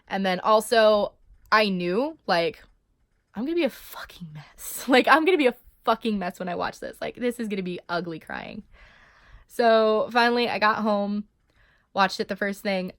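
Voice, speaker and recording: A woman's voice: mid-range voice, lively intonation, moderate pace, fairly bright tone, no echo, clean studio sound. A young woman talking to camera in a casual vlog, emotional and swearing, full of fillers. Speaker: vlogger.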